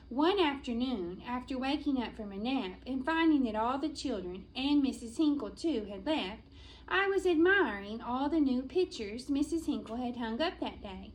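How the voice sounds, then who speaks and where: A woman reading a children's chapter book aloud as a school librarian, in a gentle storytelling manner with playful drawn-out pauses, in an elementary school library. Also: on the high side, lively intonation, a little hiss or hum, poor audio.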